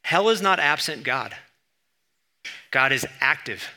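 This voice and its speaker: A man's voice: a little high, animated, takes it slowly, bright, forceful tone. A man preaching a sermon, teaching in a conversational way with sudden bursts of emphasis. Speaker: pastor.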